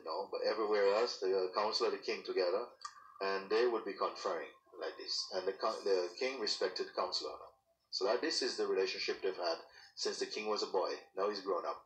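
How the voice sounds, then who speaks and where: A low-voiced man tells a parable in a lively, animated way, acting out its people and adding sound effects. His tone is bright and forceful. He sits well back from the mic in an echoey room. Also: recorded from a distance. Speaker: storyteller and teacher. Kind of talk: spoken parable telling.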